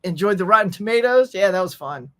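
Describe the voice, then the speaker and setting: A man's voice: sits high, lively intonation, a little fast. A man hosts a casual morning livestream, talking easily with his viewers. He reads their messages aloud and answers them in a loose, friendly chat, dropping plenty of y'alls. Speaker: host.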